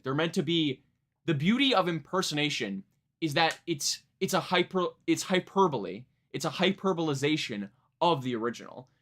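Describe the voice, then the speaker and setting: A man's voice: fairly high pitch, pushed and bright. A man reviewing music on a live stream, chatting casually and rambling, often starting over and laughing at himself. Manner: rambling, many fillers and restarts, laughs at himself. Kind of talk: live stream reaction chat.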